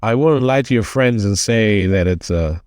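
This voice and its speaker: Animated storytelling man on a podcast. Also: fairly low pitch, moderate pace, no room sound. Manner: animated storyteller acting out quoted people. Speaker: podcast co-host. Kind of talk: casual chat, storytelling.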